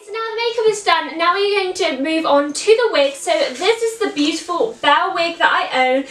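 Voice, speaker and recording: A woman's voice: very high voice, a bit bright. A woman giving a chatty, upbeat makeup and costume tutorial, explaining step by step. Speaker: costume character performer. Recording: echoey room, mic at a distance.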